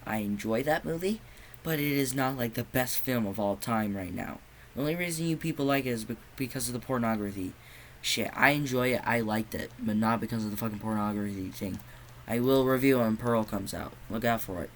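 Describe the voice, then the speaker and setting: A man's voice: medium pitch, brisk, slight background noise, poor audio. Profane, sarcastic young man ranting. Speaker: movie reviewer. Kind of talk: casual spoken review.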